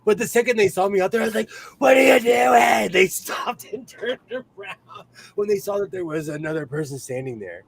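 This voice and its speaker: A man's voice: high voice, fairly quick. A man from California hosting a sewing livestream, chatting casually, laughing often and reading the chat aloud.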